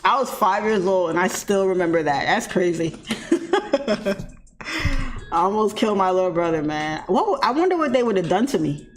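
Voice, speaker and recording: Casual woman streamer, chatty storyteller, laughs a lot, middle-pitched voice. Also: normal speed, long pauses. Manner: animated, laughs often, mimics shrieking voices. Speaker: trading live-streamer. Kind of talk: casual storytelling to a live chat.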